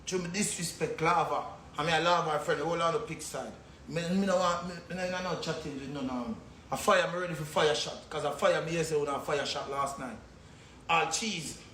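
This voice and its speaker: Jamaican man, angry livestream rant, high bright voice, echoey room. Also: a little fast, slight background noise. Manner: angry, insulting, cursing, repetitive. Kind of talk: ranting on a phone livestream.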